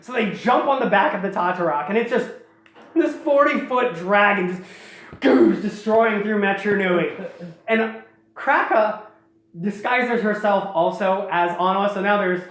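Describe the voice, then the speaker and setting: A podcast host casually retelling a story plot in a rambling, animated way. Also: medium pitch, measured pace. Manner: rambling, animated retelling full of acted quotes. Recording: echoey room.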